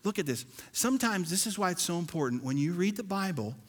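A man preaching a sermon as pastor, animated, swinging between loud and soft and acting out churchgoers. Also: high voice, fast, husky. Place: church sanctuary. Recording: long hall reverb.

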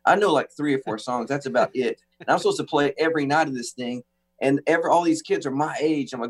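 Animated man telling a story. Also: fairly high pitch, fast, husky. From United States. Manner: animated storyteller, acting out quoted speech; frequent restarts and laughter. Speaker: guest musician. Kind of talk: storytelling in a talk-show interview.

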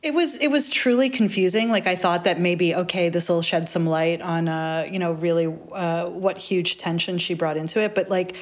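A woman's voice: fairly low pitch, normal speed, hardly any pauses. A woman guest on a podcast, chatting casually and sounding incredulous, with lots of fillers. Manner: incredulous, lively, many fillers. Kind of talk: casual chat.

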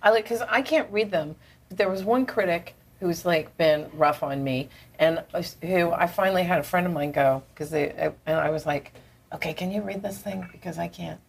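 Husky, gravelly woman playwright. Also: lowish voice, normal speed. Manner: animated, self-mocking storyteller. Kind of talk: casual chat over lunch. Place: restaurant.

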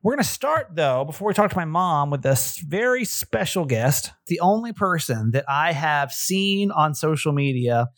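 A man hosting a casual podcast chat, quick and self-mocking, laughing often. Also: a little high, animated, fairly bright tone, no echo, studio quality. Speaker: podcast host.

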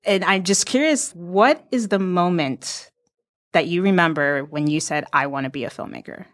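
Low-voiced woman interviewer. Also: moderate pace. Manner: curious, hesitant, restarts questions. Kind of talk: casual interview questions.

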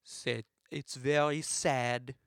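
A man voicing a mime's translator in a put-on French accent, speaking slowly and sorrowfully. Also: mid-range voice, level tone, gravelly, no room sound, clean studio sound, pitched below the performer's own voice. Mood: mock-sad. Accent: mock French. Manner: slow, sorrowful mock-translation. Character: man mimicking a mime in a mock French accent.

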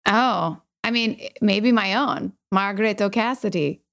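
A woman's voice: medium pitch, measured pace, creaky, a bit bright. A woman co-hosting a podcast, bubbly and enthusiastic, gushing in a casual chat. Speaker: podcast co-host.

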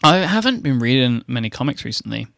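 A British man in casual conversation, talking haltingly with dry understatement. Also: mid-range voice, sing-song, vocal fry, fairly bright tone, no room sound. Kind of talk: casual chat.

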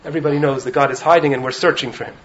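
A man with a slightly raised voice gives a lively Torah talk to students in a study hall, often checking in with them. The recording is muffled and lo-fi, with faint noise underneath. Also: on the high side, rapid-fire. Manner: animated, keeps checking in with "right?". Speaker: rabbi teaching in a yeshiva.

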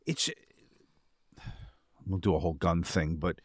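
A man's voice: sits low, fairly even intonation, takes it slowly, creaky, long pauses, no echo, clean studio sound. A man co-hosting a podcast who talks emphatically, pressing his argument in casual chat. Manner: emphatic, argues his point hard. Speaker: podcast co-host. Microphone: podcast microphone.

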